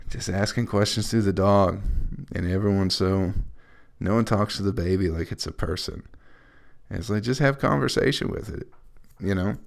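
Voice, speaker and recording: A man's voice: low voice, vocal fry. A young man, a comedian, talking through a casual, profane, scattered podcast monologue with a wry edge.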